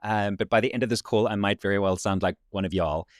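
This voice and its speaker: A South African man with a slight American Southern twang, a podcast guest telling his story in a relaxed, reflective way over a video call. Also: lowish voice, fast, dry recording, studio quality. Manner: reflective storyteller, warm thanks, laughs often. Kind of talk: casual interview chat.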